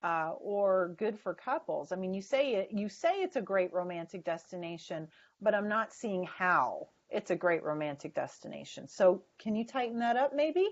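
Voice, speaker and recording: A woman coaches sales staff over a webinar, leaning on key words with an emphatic tone. Her voice sits at a middle pitch. The sound is dull and lo-fi, like a video call. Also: sing-song, normal speed, few pauses. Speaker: sales trainer.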